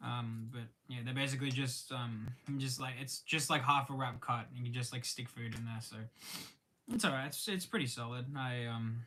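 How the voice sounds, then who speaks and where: A young Australian man chats casually on a live stream while eating lunch, often halting with ums and restarts and greeting viewers by name. His mid-range voice has a sharp tone, with a little hiss or hum in the audio.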